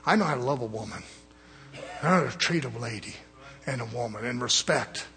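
A man's voice: medium pitch, lively intonation, fairly quick, gravelly, bright, forceful tone, soft background music. A middle-aged male preacher giving a fiery sermon in a blunt, folksy manner, calling for amens from the congregation. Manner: folksy, blunt, call-and-response.

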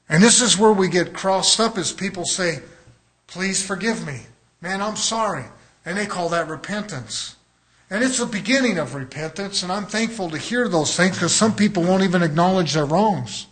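A man's voice: high voice, animated, normal speed, pushed and bright. A man preaching a sermon as a pastor, in a conversational way, often acting out the voices of people he quotes.

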